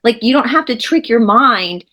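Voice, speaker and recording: A woman's voice: fairly high pitch, expressive, moderate pace, a bit bright. A woman, an interviewer speaking earnestly and emphatically in a casual video-call chat. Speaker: co-host interviewer.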